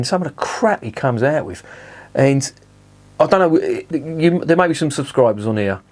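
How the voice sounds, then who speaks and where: A man reviewing beer in a blunt, sweary, animated rant. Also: mid-range voice. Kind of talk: casual ranting review.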